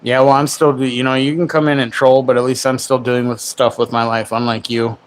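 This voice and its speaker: A man's voice: mid-range voice, flat delivery, brisk. Sarcastic man in his forties. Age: 40s. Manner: joking, sarcastic, laughs often. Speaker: livestream host. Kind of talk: casual livestream chat. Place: home, in Florida.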